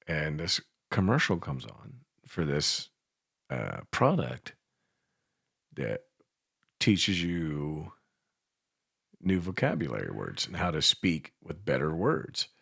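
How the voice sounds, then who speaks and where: A man's voice: a bass voice, very animated, takes it slowly, gravelly, pauses often, a bit bright, slightly rough, no room sound, clean studio sound. A man with an Appalachian accent co-hosting a radio show, swearing and laughing through self-mocking stories in casual chat. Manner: foul-mouthed, laughs often, self-mocking storyteller. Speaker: radio co-host. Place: radio studio.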